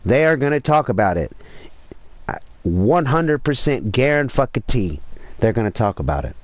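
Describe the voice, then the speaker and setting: A man's voice: mid-range voice, very animated, moderate pace. Profane man ranting on a livestream. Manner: profane, rambling, rising to loud emphasis. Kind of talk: casual livestream rant.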